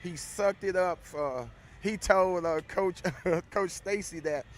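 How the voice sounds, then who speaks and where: A man's voice: high voice, takes it slowly. A man with a Texas accent co-hosting a casual outdoor livestream, hyped and repeating his phrases. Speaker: livestream co-host. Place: outdoor tailgate area beside a stadium.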